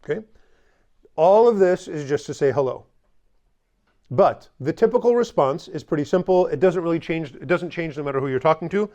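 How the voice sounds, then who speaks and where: Male language teacher, slightly higher voice, joking and hands-on with the class. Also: expressive, normal speed, darkish tone. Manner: joking asides, drills the class with repeat-after-me.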